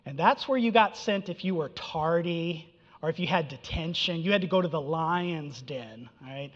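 A man's voice: fairly high pitch, animated, normal speed. A man preaching a sermon in a conversational way, often checking in with "right?" and "okay?". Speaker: pastor. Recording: dull sound with long reverb in a hall.

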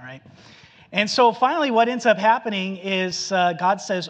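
A man preaching a sermon in an animated storytelling manner, acting out the voices of the people he quotes. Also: sits high, moderate pace, long reverb tail. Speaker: pastor.

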